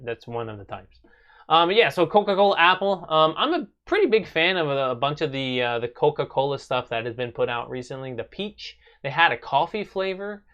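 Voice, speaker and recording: A man's voice: medium pitch, pushed and bright, smooth. A young man hosting a casual live stream from his apartment, chatting with viewers in a rambling way with many fillers.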